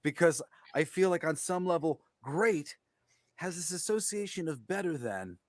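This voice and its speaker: Casting: man, slightly high voice, loose rambling chatter, casual podcast host. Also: lively intonation, moderate pace, no echo, studio quality. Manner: rambling, loose, lots of fillers and laughs. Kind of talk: casual conversation.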